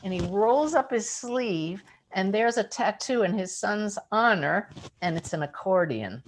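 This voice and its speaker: A woman working as a psychic medium, telling a story in an animated, lively way to a group of listeners. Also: measured pace, slight background noise. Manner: animated, lively storyteller with big pitch jumps. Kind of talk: storytelling talk.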